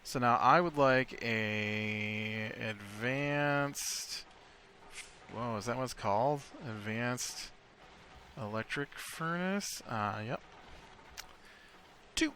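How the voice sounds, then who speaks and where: A man's voice: mid-range voice, extremely slow, long pauses, bright, forceful tone, a little hiss or hum. An American man giving casual gameplay commentary, thinking aloud and rambling with lots of fillers. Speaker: let's play host.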